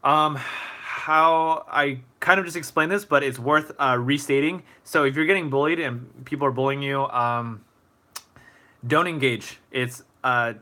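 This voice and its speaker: A young man with a bright, forceful voice hosts a casual livestream Q&A, talking straight to his viewers. He rambles a little, leaning on fillers and restarting his sentences as he thinks aloud, and his pitch sits in the middle for a man. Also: measured pace. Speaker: motivational speaker answering viewer questions. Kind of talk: casual live Q&A.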